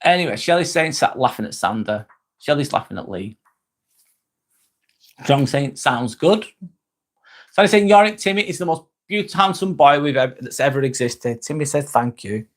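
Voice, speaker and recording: A man's voice: mid-range voice, sing-song, normal speed. Man chatting on a live stream. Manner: reads viewer comments aloud and replies, joking and swearing freely. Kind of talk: casual live-stream chat.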